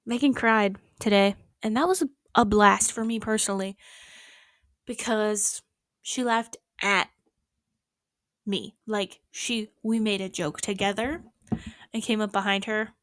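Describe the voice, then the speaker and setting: This young vlogger has a mid-range voice, captured dry at studio quality. Talking casually about her day in her small apartment at night, she rambles with animation and swings into whispers now and then.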